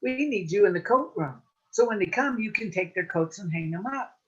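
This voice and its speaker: Brief: woman playing officious party-door dogs from a folk tale, high and brisk, a bit husky, lo-fi audio. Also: animated. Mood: bossy. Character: bossy gatekeeping dogs at a party.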